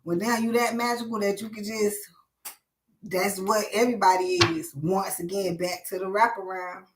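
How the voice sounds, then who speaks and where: A woman's voice: mid-range voice, steady tone, moderate pace, noisy background. A woman hosting a live stream, ranting bluntly and preachily with lots of swearing.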